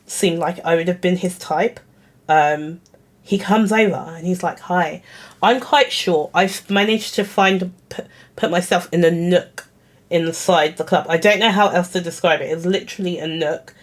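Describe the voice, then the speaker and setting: A young woman, telling a story casually to camera in a chatty, giggly, self-conscious way. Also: lowish voice. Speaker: vlogger.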